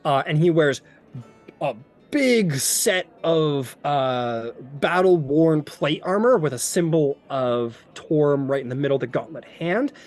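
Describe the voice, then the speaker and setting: A man's voice: on the high side, animated, slow, a little mellow, faint music behind. Rambling male game master. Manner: rambling and descriptive, with many fillers. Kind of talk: narrating a tabletop game.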